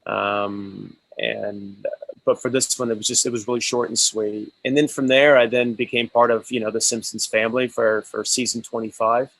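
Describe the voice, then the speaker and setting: A man's voice: mid-range voice, level tone, normal speed, gravelly, fairly bright tone, dry recording, poor audio. A male actor as an interview guest, telling stories in a casual, enthusiastic way with many restarts.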